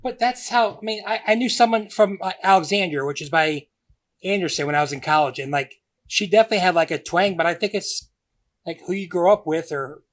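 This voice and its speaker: A man's voice: high-pitched, a little fast. A man from Indiana chatting casually, often stopping and restarting. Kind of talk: casual chat.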